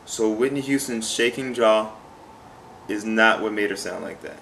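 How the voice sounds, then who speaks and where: A man's voice: lowish voice, normal speed, a bit bright, slight background noise. A man teaching a singing lesson, speaking plainly and earnestly and repeating points for emphasis. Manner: talks plainly and sings short demonstration phrases. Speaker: vocal coach.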